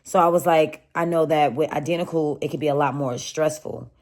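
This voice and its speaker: A young woman with a low, deep-set voice tells a personal story to her viewers in a relaxed, chatty way. She keeps calling them y'all. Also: a little fast. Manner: chatty, addresses viewers as y'all, animated retelling. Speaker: vlogger telling a story. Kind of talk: casual storytime.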